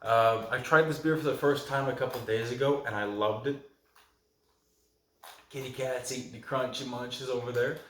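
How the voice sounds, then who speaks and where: A man's voice: mid-range voice, moderate pace, a bit bright. A man hosting a casual video review, talking loosely to camera in a rambling, chatty way from a room at home. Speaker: vlog host reviewing films and beer. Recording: echoey room.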